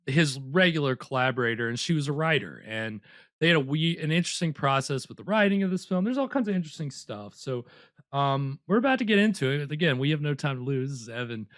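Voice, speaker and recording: A man's voice: mid-range voice, animated, fast, a bit bright, no room sound. A young man hosts a live movie night in a loose, rambling way. He keeps restarting and circling back with lots of filler. The sound is dry and close. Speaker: host. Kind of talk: casual chat.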